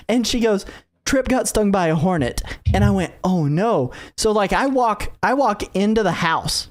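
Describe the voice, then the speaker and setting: Rambling podcast co-host telling a story. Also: male voice, sits high, expressive, normal speed. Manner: rambling storyteller, acts out quotes. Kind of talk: casual chat.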